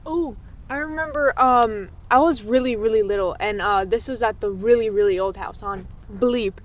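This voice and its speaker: Young woman, podcast co-host, high voice, playful, swearing, laughing. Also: moderate pace, lo-fi sound. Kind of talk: casual chat, storytelling.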